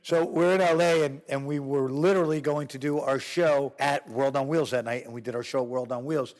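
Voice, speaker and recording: A man's voice: mid-range voice, a little fast. A middle-aged man from New York, telling a wild story as an interview guest, profane and acting out the voices of others. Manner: animated, profane, acts out cops' voices.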